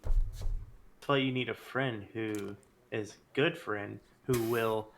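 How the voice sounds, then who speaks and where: Gravelly, easygoing male podcast co-host. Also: on the low side, fairly even intonation, slow pace, fairly bright tone, a little hiss or hum. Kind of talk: casual podcast chat.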